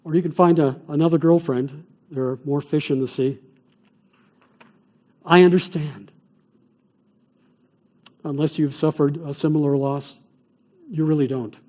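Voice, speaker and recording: Earnest chaplain with a mellow voice. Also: male voice, a little high, steady tone. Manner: earnest, measured, tells stories. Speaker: chaplain teaching a class. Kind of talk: evening lecture on grief care. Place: classroom or church hall.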